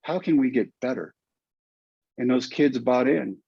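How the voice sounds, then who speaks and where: A man's voice: medium pitch, a little slow, vocal fry, mellow, slightly rough, no echo. An older man with a Texan accent, a podcast guest telling a heartfelt story in an earnest, emotional way. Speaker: guest, former pitcher and teacher. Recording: dull, lo-fi, dry sound.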